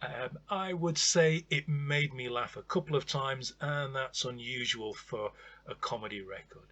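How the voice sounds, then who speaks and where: A man's voice: medium pitch, measured pace, bright, forceful tone. A man casually reviewing an odd old comedy record, chatty and wry, with lots of ums and uhs.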